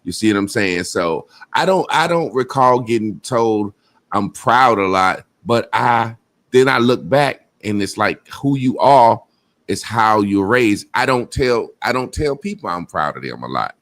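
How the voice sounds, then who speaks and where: A man's voice: on the low side, big pitch swings, measured pace, a bit bright. A man hosting a podcast, talking candidly and rambling, often checking in with "you know what I'm saying?". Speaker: podcast host. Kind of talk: casual chat.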